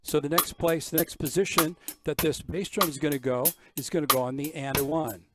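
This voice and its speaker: An older man teaches drums in a fairly high, steady voice, moving briskly through ideas one step at a time and counting beats aloud. Music from the drum kit sounds in the background of this clinic instruction.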